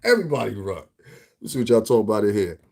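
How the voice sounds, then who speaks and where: This vlogger, a man from the Northeastern US, rants casually and profanely, full of animation and frequent laughter. His voice runs lowish and he talks at a racing clip.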